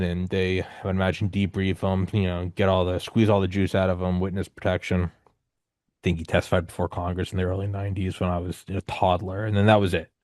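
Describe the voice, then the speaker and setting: A man in his thirties hosting a podcast, telling stories in a loose, rambling, animated way with casual swearing. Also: deep voice, no echo, studio quality. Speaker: podcast host. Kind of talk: casual conversational storytelling.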